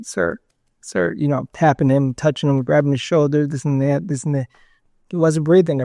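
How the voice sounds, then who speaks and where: A man's voice: a little high, creaky, a little mellow, no echo, clean studio sound. A man being interviewed, telling a story casually in a rambling way, with lots of fillers and acted-out quotes. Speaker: interview guest.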